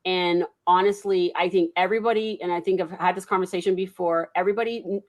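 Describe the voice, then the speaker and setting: A woman's voice: on the low side, fairly even intonation, fast. A woman in a casual discussion who speaks directly and challenges what others say. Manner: direct, pushes back on claims.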